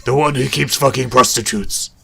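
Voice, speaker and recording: A man voicing a stern old ninja master in a gravelly, solemn, deadpan tone. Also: medium pitch, moderate pace, slight background noise.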